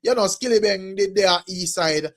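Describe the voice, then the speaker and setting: A man's voice: sits high, normal speed, fairly bright tone. A man with a Jamaican accent hosting a casual gossip commentary, talking to viewers in a chatty way and repeating stock phrases. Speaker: entertainment gossip host.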